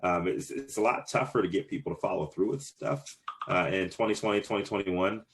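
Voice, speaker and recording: A man's voice: deep voice, a little fast. A man in his thirties answering interview questions casually, rambling with many fillers and restarts. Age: 30s. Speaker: cannabis business owner, guest.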